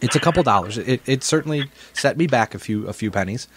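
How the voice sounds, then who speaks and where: A man's voice: medium pitch, lively intonation, fast, a loud crowd. A man co-hosting a podcast, telling a story in casual chat and often repeating his words. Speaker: podcast co-host.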